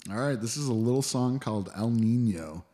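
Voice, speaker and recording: A man with a baritone speaking voice, a musician guest chatting casually in a radio studio and rambling with lots of fillers. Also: brisk. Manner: relaxed, rambling, full of "like" fillers. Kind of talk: casual interview chat.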